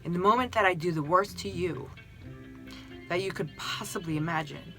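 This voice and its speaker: A woman voicing a kind, gentle friendly soul who speaks with calm, tender reassurance in a storybook reading. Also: on the low side, normal speed, faint music behind.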